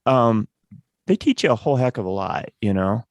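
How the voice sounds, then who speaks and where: Measured man hosting a podcast. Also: medium pitch, expressive, dry recording. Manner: measured, thoughtful, hesitant with ums. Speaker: podcast host. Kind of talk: interview reflection.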